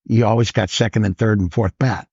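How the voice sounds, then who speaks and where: A man in his sixties, a comedian, telling lively stories on a podcast and acting out the lines of other people. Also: fairly low pitch, fairly quick, vocal fry, breathy edge, no room sound. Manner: animated storyteller who acts out other people's lines. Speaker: guest comedian. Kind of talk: storytelling interview. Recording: dull lo-fi podcast audio.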